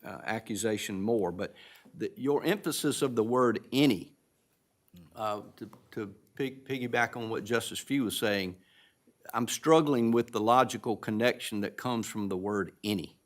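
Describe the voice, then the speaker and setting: A man serving as a justice, questioning counsel from the bench in a halting, searching way with many restarts. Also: fairly low pitch. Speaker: appellate justice.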